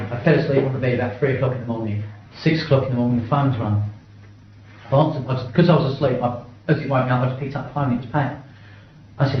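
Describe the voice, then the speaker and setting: A man's voice: medium pitch, slight background noise. A middle-aged man giving a blunt first-person account in an interview, swearing often and stumbling over restarts. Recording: very echoey, dull-sounding room recording.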